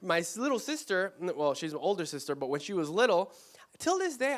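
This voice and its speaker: A man's voice: high-pitched, very animated, fairly quick. A man from Mexico giving an informal, conversational church talk, full of rhetorical questions and self-corrections. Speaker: church speaker. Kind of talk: conversational sermon.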